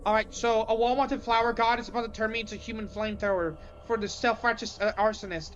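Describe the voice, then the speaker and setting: A woman's voice: on the high side, fairly even intonation, quick pace, highs cut off, slight background noise, natural voice. A woman voicing a defiant young woman hostage with a sarcastic, profane way of talking.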